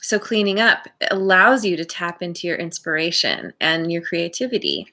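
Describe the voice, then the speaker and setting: A woman giving a tarot reading for her channel, musing aloud in a slow, rambling way with many restarts. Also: fairly low pitch, bright, forceful tone. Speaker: tarot reader.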